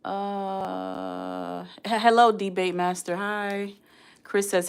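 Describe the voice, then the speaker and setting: A woman's voice: on the high side, big pitch swings, measured pace. A woman around forty hosting a casual live stream, chatting and reading viewer comments aloud. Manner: chatty, addresses the chat directly, reads comments aloud.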